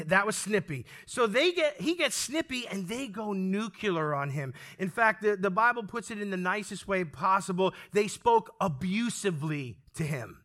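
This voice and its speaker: A pastor preaching to his congregation in a high, bright voice. He is lively and animated, calls out for amens and acts out quoted speech as he goes. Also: moderate pace, hardly any pauses. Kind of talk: sermon. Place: church sanctuary with congregation.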